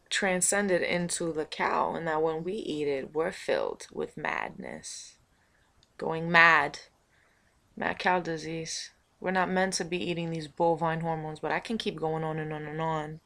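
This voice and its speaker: Montana woman vlogger, lowish voice, rambling playful musing. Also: creaky, fairly bright tone. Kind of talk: casual vlog to camera.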